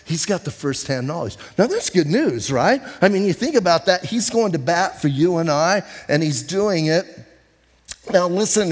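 A man preaching a conversational sermon as a pastor, telling stories and asking rhetorical questions, slowing down to stress key lines. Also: a little high. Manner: emphatic, slows down on key phrases. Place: church sanctuary. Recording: long hall reverb.

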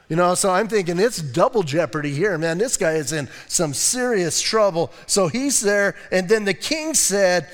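A male pastor preaching a sermon in an animated, conversational way, acting out quotes and laughing often. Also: sits high, moderate pace, few pauses, long reverb tail.

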